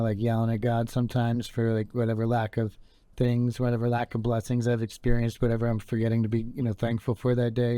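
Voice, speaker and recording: A young man hosting his own podcast, wandering from thought to thought in a relaxed, filler-heavy ramble. His voice is mellow and smooth, and the sound is dry and close. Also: mid-range voice, no room sound. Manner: laid-back, meandering, full of fillers. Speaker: podcast host. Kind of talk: rambling casual monologue.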